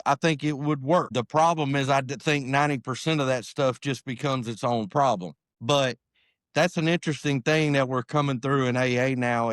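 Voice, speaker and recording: A male podcast host chats casually and rambles, filling his talk with "you know" and "man." His voice has a middle pitch. The sound is dry and close. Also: smooth, dry recording. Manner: rambling, relaxed, many fillers like "you know".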